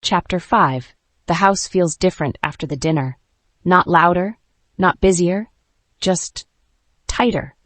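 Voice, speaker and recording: A woman narrating a first-person dark romance audiobook in a measured, tense way. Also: on the low side, no room sound.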